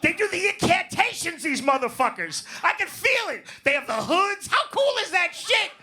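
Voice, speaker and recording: A man's voice: extremely high pitch, big pitch swings, moderate pace, pushed and bright. A man doing a profane, brash stand-up set in a comedy club, working the crowd. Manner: profane, brash, riffs on audience.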